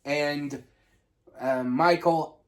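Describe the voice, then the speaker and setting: A man's voice: a little high, fairly even intonation, extremely slow. A man co-hosting a podcast, chatting casually in an offhand way and brushing past the details. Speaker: podcast co-host. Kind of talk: casual chat.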